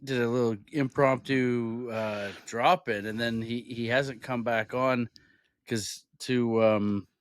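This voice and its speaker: A man at a middle pitch drops quick, wry remarks into a comedy podcast chat, sometimes slipping into mock-formal phrasing. His voice sits close and dry, with no room sound. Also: steady tone, dry recording. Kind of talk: casual chat.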